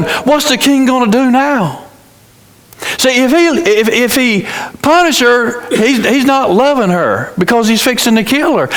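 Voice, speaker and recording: A male pastor preaching a sermon in a church sanctuary, telling a dramatic story, repeating phrases and restarting his words. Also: very high-pitched. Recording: reverberant church hall.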